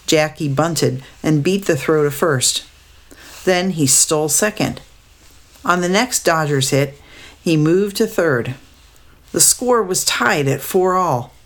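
A woman narrating a storybook aloud in a steady, descriptive way. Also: low-pitched.

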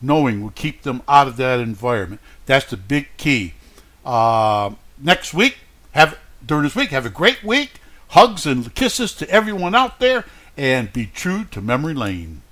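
A man's voice: mid-range voice, sing-song, a little slow, fairly bright tone. Folksy rambling radio host man. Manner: folksy, rambling, stumbles over words. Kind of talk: casual radio sign-off.

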